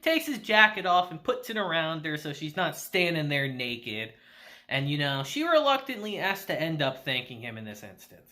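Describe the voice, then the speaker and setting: A man casually reviewing an anime episode, animated and slangy, laughing often. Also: fairly high pitch, moderate pace.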